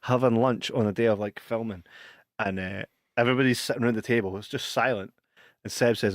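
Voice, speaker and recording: A man's voice: on the low side, steady tone, a little fast, no echo, studio quality. Sweary Scottish man telling stories. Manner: swearing, laughing storyteller. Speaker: podcast co-host. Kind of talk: casual chat.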